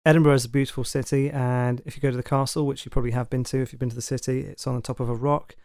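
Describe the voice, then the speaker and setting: A man's voice: medium pitch, little pitch movement, racing, darkish tone, no echo, studio quality. A man with a London accent hosting a podcast, talking casually and chattily with fillers and asides. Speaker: podcast host. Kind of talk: casual monologue.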